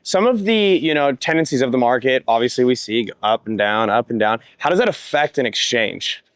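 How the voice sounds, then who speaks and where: A man's voice: medium pitch, animated, brisk, dry recording. A man hosting a podcast interview, enthusiastic and agreeing often. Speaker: podcast host. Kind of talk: casual interview chat.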